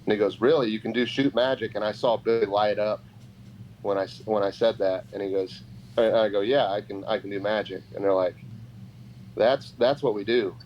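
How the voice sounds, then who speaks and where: A man's voice: fairly low pitch, a little fast. A man, a guest on a podcast, telling a story casually and acting out the other people in it. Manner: animated, acts out quoted voices. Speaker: podcast guest, pro wrestler. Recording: dull lo-fi podcast audio with faint noise.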